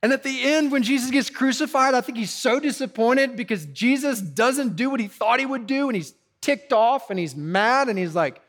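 A man's voice: extremely high pitch, expressive, moderate pace, few pauses, a bit bright. A male pastor preaching a sermon in a conversational, urgent way, full of "like" and "you know".

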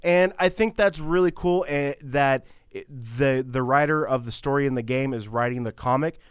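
A man co-hosting a casual podcast talks in loose, rambling bursts, full of fillers and restarts. His voice is smooth and resonant. The sound is dry and close, with no room around it. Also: medium pitch, normal speed, dry recording. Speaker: podcast co-host.

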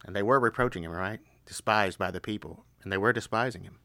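A man teaching a Bible study, reading scripture aloud and explaining it earnestly, growing excited as he goes. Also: on the low side, fast, no room sound.

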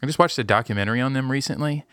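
A man's voice: medium pitch, racing, a bit bright, slight background noise. A man in his thirties co-hosting a comedy podcast, rambling and swearing in casual chat and reading a mock ad. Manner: swearing, rambling, laid-back. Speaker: podcast co-host.

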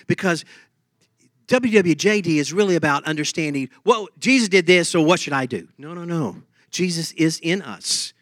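Bright-voiced preacher in a dry room. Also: male voice, on the high side, no echo. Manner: lively, humming tunes and laughing. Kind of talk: sermon.

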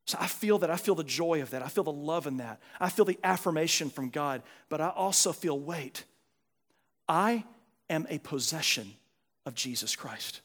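A male pastor preaching a sermon, earnest, moving from animated emphasis to quiet, soft reflection. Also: on the high side, normal speed, long pauses. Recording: long hall reverb.

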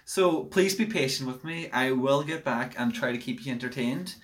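A man's voice: mid-range voice, normal speed. A young man hosting a casual podcast chat, chatty and easily amused, recorded without a proper microphone. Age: young adult. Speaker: podcast host.

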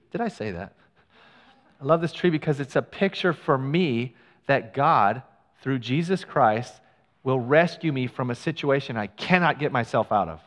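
A middle-aged male pastor telling a personal story in a sermon, animated and acting out what people said. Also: medium pitch. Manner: animated storyteller, acts out quoted lines. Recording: long hall reverb.

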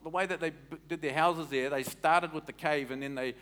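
A man preaching a sermon as a pastor, in an animated, conversational way that quizzes the congregation. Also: on the high side, a little fast.

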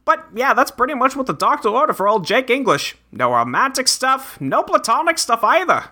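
A zany young male adventurer, read by a woman, rambles through folksy old-fashioned exclamations. His voice is bright and swings all over the place. The reading is a casual webcomic read-aloud. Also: a little high, sing-song, brisk, pitched above the performer's own voice, full character voice. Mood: musing.

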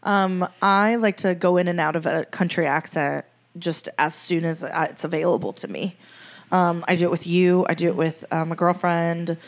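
Give me a woman from Venezuela, a native Spanish speaker, chatting casually, playful and deadpan, with a somewhat low voice. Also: normal speed. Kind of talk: casual chat.

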